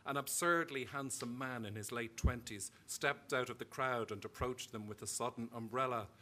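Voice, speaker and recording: An Irish man reads his own fiction aloud at a live event, telling the story in a measured way. His voice is medium in pitch, pushed and bright.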